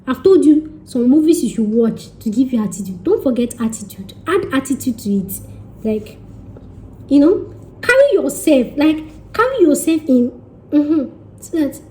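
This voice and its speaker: A woman's voice: high-pitched, sing-song, normal speed, warm tone. A young woman with a Nigerian accent giving casual advice in a vlog. She is chatty and teasing, talks straight to her viewers and slips into pidgin. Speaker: vlogger giving relocation advice.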